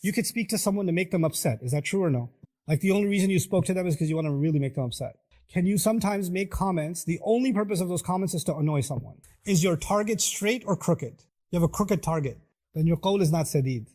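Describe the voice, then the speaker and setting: A man's voice: high voice, lively intonation, quick pace, darkish tone. A middle-aged man giving a sermon, asking the audience rhetorical questions and acting out quoted voices. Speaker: preacher.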